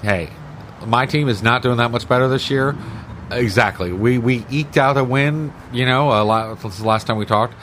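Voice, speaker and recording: A man as a podcast guest, talking casually as a fan, halting and restarting often. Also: mid-range voice, fairly bright tone, slight background noise. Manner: hesitant, many fillers and restarts, fan talk. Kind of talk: casual sports chat.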